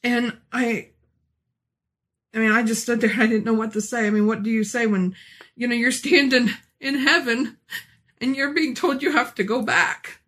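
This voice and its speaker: A woman in her forties giving an emotional religious testimony, earnest and halting, often restarting her sentences. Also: a little high, a bit bright. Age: 40s. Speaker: speaker sharing a personal testimony.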